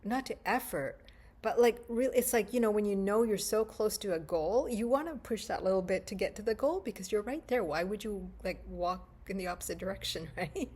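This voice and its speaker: A woman's voice: mid-range voice, fairly quick, darkish tone, slightly rough. Reflective woman telling a childhood story. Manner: thoughtful, conversational, with many fillers. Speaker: spiritual video host. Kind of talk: reflective personal storytelling to camera.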